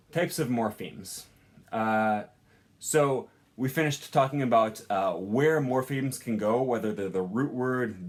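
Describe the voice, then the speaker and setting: A young man teaching a casual language lesson, chatty and informal, with many ums and uhs. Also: medium pitch. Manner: chatty, lots of ums and uhs, laughs at own examples.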